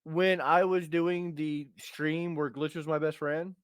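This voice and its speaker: A man's voice: on the high side, flat delivery, slow pace, clear, resonant tone, dry recording, studio quality. A man in his thirties hosting a podcast, telling crude, punchy stories in casual chat. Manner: crude, storytelling with punchy asides. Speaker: podcast host.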